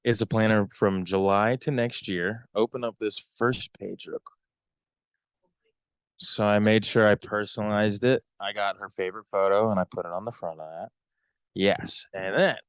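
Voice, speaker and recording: A young adult man co-hosting a podcast, chatting casually in a halting, rambling way. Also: lowish voice, fairly even intonation, clear, resonant tone, no room sound. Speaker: podcast co-host. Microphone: close podcast mic.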